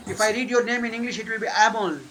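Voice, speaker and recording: A man teaching German online, correcting pronunciation patiently and repeating words slowly. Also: very high voice, flat delivery, sharp tone, slight background noise, poor audio. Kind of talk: online language lesson.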